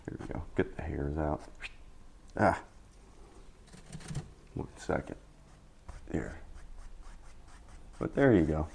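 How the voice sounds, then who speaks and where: A man with a very deep, creaky voice teaches oil painting in a casual tutorial, worn out after a long day. He speaks slowly with frequent pauses, offering relaxed, repetitive words of encouragement over slight background noise.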